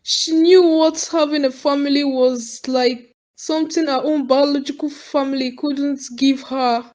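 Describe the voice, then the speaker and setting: A woman plays a heartbroken young mother in an animated film, her high voice pleading and breaking into sobs. She speaks slowly and carefully, with a Nigerian accent. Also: dull audio. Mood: tearful. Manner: sobbing, pleading. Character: grieving young mother, tearful and remorseful. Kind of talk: cartoon movie voice acting.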